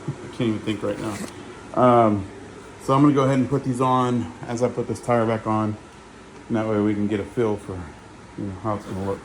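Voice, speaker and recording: In a home garage, a DIY vehicle repair vlogger with a medium-pitched voice casually narrates his own repair work, thinking aloud with lots of fillers as he goes. Background noise is audible.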